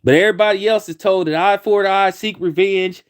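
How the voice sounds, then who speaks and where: A man with a high-pitched voice delivers a fired-up opinion rant. He talks in bursts and keeps restarting and repeating his phrases as he presses his argument. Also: fairly even intonation, a little fast, clean tone. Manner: heated, repetitive, many restarts. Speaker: commentator. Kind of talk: ranting opinion commentary.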